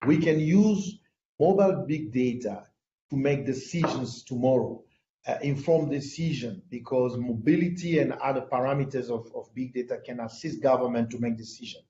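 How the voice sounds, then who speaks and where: A man's voice: medium pitch, moderate pace, dark tone, roomy sound, dull audio, a little hiss or hum. A man with a French accent, a native French speaker, speaking on an online panel with many hesitations and restarts over a video call.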